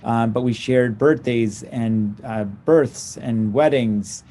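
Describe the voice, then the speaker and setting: Halting man giving a conference talk. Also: medium pitch, steady tone. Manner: halting, many ums and uhs, warm and upbeat. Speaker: cystic fibrosis clinician presenting at a conference.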